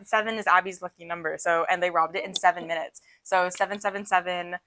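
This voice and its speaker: A woman's voice: fairly low pitch, steady tone, fast talker, bright, forceful tone, a little hiss or hum. A young adult woman co-hosting a podcast in casual chat, rambling and giggly, often saying "literally". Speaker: podcast co-host.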